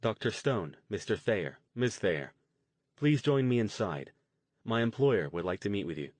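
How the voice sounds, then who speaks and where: A man voicing a composed henchman who speaks in a calm, polite, unruffled way. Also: fairly low pitch, unhurried, no echo. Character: smooth composed male henchman in a suit.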